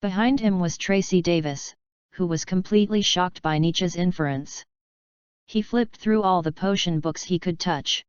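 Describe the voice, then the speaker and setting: A woman narrating a fan fiction audiobook in a steady, even read. Her voice is a little low and very clear. The recording is dry and dull, close to lo-fi. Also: moderate pace, dry recording. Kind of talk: fanfiction audiobook reading.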